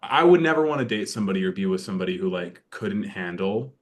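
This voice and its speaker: A man's voice: fairly low pitch, quick pace. A man guesting on a podcast, joking and talking casually with lots of fillers. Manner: joking, animated, filler-heavy. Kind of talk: casual conversation.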